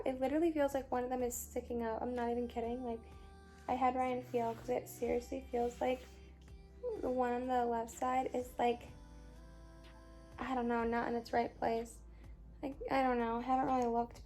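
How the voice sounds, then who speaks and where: A young woman in her twenties, worn out and in pain after surgery, talking in a halting, rambling way with lots of fillers, casually vlogging from home. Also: fairly high pitch, little pitch movement, darkish tone, soft background music. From Chicago, USA. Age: 20s. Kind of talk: casual recovery vlog.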